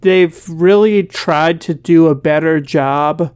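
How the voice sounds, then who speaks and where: A podcast co-host talking casually and thoughtfully, pausing with fillers while making comparisons. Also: medium pitch, a little mellow, clear, resonant tone. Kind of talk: casual chat.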